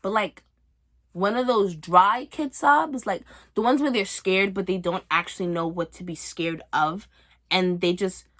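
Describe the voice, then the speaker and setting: A young woman comedian telling a stand-up story in an animated, exaggerated, breezy way. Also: medium pitch, unhurried.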